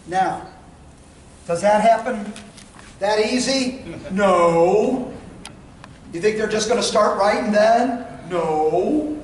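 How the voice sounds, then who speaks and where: A man's voice: high voice, takes it slowly, long pauses. A man running a sales training session in a meeting room, folksy in manner, talking without a microphone and acting out what to say to customers. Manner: folksy, role-plays lines to customers. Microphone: without a microphone, away from the recorder. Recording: roomy, distant, faint room noise.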